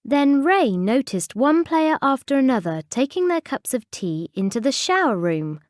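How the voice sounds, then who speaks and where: A woman's voice: sits high, sing-song, normal speed, no room sound, studio quality. A woman reading a storybook aloud expressively for English learners. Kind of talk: storybook narration.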